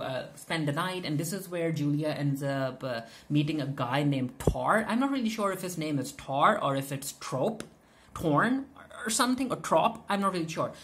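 A woman with a low, relaxed voice recaps a TV episode in a casual commentary. She talks off the cuff, full of filler sounds and false starts. She drops quoted lines from the characters into her retelling. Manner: chatty, many filler "uh"s and restarts, retells scenes with quoted lines. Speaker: TV recap reviewer.

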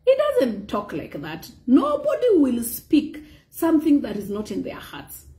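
Woman preacher; high, mellow voice; animated delivery with "praise God" asides. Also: unhurried, few pauses. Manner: animated preaching, mixing in Swahili phrases and frequent "praise God". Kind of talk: sermon.

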